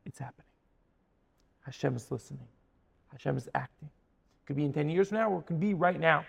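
A man telling a story in a sermon as a Torah teacher, dramatic, dropping to a hush and then rising to emphatic peaks. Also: on the high side, fairly quick, gravelly, husky, in a large hall. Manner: dramatic, swings from hushed to emphatic.

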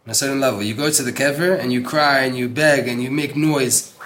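A man's voice: mid-range voice, brisk, a bit bright, slight background noise. Earnest man teaching a religious text. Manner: earnest, emphatic, repeats words for stress; mixes in Hebrew terms. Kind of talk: Torah class reading and translating a text.

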